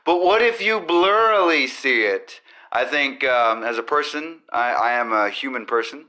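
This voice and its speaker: A man's voice: medium pitch, lively intonation, normal speed, bright, forceful tone. A man hosting a comedy podcast, rambling goofily and breaking into silly riffs and sung nonsense. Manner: goofy, riffs and sings silly bits. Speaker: podcast host.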